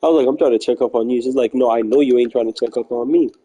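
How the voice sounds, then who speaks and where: A man's voice: mid-range voice, fairly even intonation, racing, mellow, poor audio. A man streaming live who tells a long personal story in a rambling, slangy way, quoting what others said and repeating himself.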